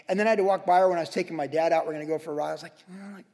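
A man in his sixties preaching a sermon, telling everyday stories in a loose conversational way with quick asides. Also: high voice, steady tone, darkish tone. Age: 60s. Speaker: pastor. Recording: long hall reverb.

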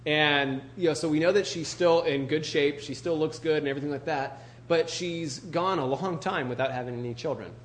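A man's voice: a little high, moderate pace, few pauses, a little hiss or hum. A male pastor preaching a casual, joking sermon and reading scripture, full of "you know" and "like".

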